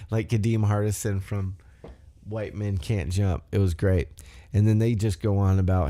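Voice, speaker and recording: A man's voice: deep voice, fairly even intonation, normal speed, warm tone, no room sound, clean studio sound. A man hosting a podcast, recapping a show in a rambling, conversational way. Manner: rambling, conversational, loose storytelling. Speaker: podcast host. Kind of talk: casual wrestling recap.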